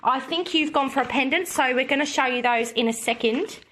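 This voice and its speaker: Woman, live seller, chatty, giggly, high voice. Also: a little fast, a bit bright, a little hiss or hum. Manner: chatty, giggly, addresses viewers by name. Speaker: live-stream seller opening oysters. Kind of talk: live sales stream chat.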